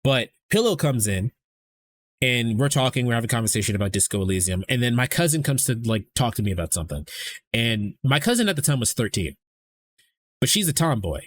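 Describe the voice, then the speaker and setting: A man's voice: medium pitch, big pitch swings, fairly quick. A young adult man streamer rambling casually to his chat, swearing freely and restarting his sentences often.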